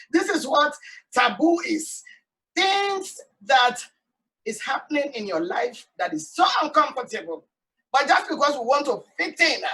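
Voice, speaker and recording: A woman from Sierra Leone with a Sierra Leonean accent, hosting an animated, emphatic talk monologue outdoors. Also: high-pitched, distant mic, poor audio. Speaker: host. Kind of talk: casual talk show monologue. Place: outdoors in hot sun.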